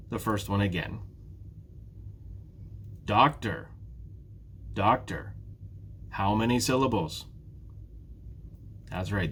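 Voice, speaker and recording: A man with a British accent, teaching a prerecorded beginner English lesson, slowly repeating words for learners. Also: medium pitch, a bit bright, slight background noise. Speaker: ESL teacher.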